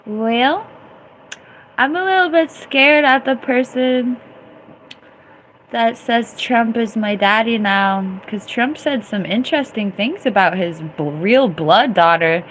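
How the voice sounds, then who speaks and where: A woman's voice: a little high, slow pace, slight background noise, rough recording. A woman hosting a live stream, chatting casually, reacting to viewer comments and often laughing. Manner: chatty, giggly, reacting loudly to chat. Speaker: livestream host and DJ.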